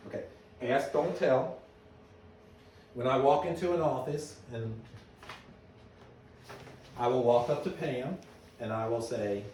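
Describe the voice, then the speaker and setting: A middle-aged man giving a conference talk to an audience, telling stories in a lively way and asking the room questions. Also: mid-range voice, slow pace, pauses often, slight background noise. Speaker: business owner giving a presentation. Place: meeting room at an annual meeting. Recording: echoey hall, voice from a distance.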